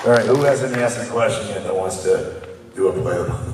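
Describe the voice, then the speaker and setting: A hoarse man who has nearly lost his voice hosts a live game challenge at a convention panel, teasing the players with joking play-by-play. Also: on the low side, moderate pace, background noise. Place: large convention hall. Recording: echoey hall, from far off, audience crowd.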